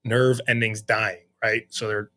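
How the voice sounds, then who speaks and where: Lowish, sharp in tone, and unhurried with little pitch movement, a middle-aged sheriff's lieutenant recounts his story openly in a casual interview. He voices his own thoughts as quotes while he goes.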